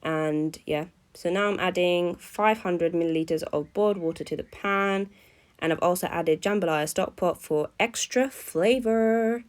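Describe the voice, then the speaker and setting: A woman's voice: lowish voice, a little slow, clear, resonant tone. A young woman, chatting through a cooking vlog in a playful, self-mocking way. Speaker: vlogger.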